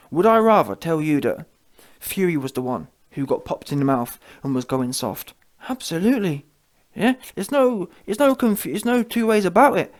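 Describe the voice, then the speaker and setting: Brash man talking boxing. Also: fairly high pitch. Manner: brash, slangy, keeps asking "yeah?". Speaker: boxing commentator. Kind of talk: opinionated boxing commentary.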